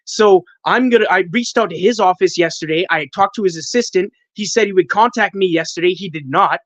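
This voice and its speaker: A man from Canada on a livestream call, venting in an agitated, profane rush. His voice sits high and sounds dry and close, with dull, lo-fi call audio. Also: brisk, a bit bright, no room sound. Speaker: caller, panel guest. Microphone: video call.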